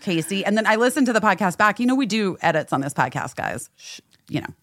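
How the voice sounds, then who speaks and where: A woman's voice: medium pitch, fast talker, no room sound. A woman co-hosting a podcast, telling stories in a casual chat and acting out other people's voices. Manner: animated storytelling, acts out others' voices. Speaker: podcast co-host.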